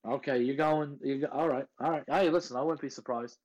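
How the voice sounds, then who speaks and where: A man's voice: mid-range voice, fairly even intonation, brisk, a little mellow, muffled recording. A man co-hosting a sports podcast in casual chat, brash and riled up, with plenty of cursing. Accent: put-on accent at times. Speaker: podcast co-host.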